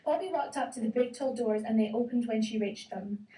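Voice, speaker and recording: A woman reading a children's story aloud in a gentle, expressive way. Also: on the high side, a little fast. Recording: roomy, distant, faint hiss.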